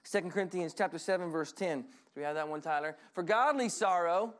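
A man preaching a sermon in an animated, conversational way, slipping into acted voices. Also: a little high, fast. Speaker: pastor.

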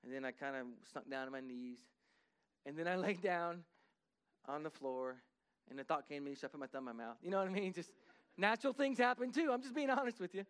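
A man's voice: sits high, expressive, brisk, fairly bright tone, clear, resonant tone. A man preaching a sermon in a church, earnest and conversational, building in intensity. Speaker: pastor. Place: church sanctuary.

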